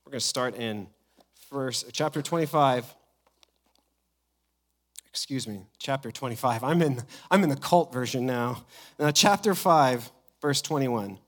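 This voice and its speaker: Male pastor, sermon delivery, animated storyteller, middle pitch. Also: measured pace, long pauses. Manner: personal storytelling, animated, quoting others.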